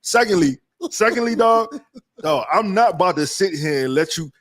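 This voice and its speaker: A man's voice: high-pitched, normal speed. A man with a New Orleans accent, co-hosting a sports podcast and trash-talking with a lot of profanity. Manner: profane, animated trash talk. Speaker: podcast co-host. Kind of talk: casual sports chat.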